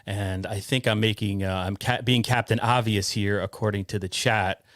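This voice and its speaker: Man, podcast host, low voice, rambling, reads chat comments, dry sound. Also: fairly even intonation, normal speed, fairly bright tone, no echo. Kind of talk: casual podcast chat reading the live chat.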